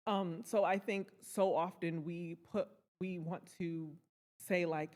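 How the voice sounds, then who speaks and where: A woman's voice: fairly low pitch, steady tone, takes it slowly. A woman co-hosting a podcast, talking in a casual, earnest and reflective way about friendship and grief. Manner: earnest, reflective, drops to soft tones on grief. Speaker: podcast co-host. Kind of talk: casual heartfelt chat. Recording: echoey room with long reverb.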